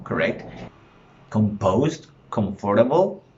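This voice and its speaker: A male teacher gives a home-recorded lesson at an unhurried pace, stretching each prompt. His voice sits in a middle register. The recording is dull and lo-fi with faint background hiss. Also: on the low side, expressive, a little mellow. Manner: slow, drawn-out classroom prompting. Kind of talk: online class lesson.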